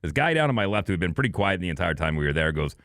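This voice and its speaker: A middle-aged podcast co-host tells a long anecdote in a casual, animated storytelling chat, performing the voices of the people he quotes. His voice sits low and moves very fast, with clean, echo-free studio sound.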